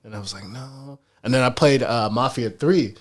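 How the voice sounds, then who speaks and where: A man co-hosting a podcast, telling stories in a loose, animated way full of slang and fillers. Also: mid-range voice, normal speed. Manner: animated storyteller, heavy slang and fillers, chants in put-on voices. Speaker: podcast co-host. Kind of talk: casual chat.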